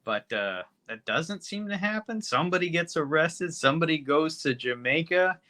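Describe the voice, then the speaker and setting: A man's voice: a little high, lively intonation, normal speed, sharp tone. A man co-hosting a podcast, recapping a movie plot in a laid-back, casual way. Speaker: podcast co-host. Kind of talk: casual movie review chat.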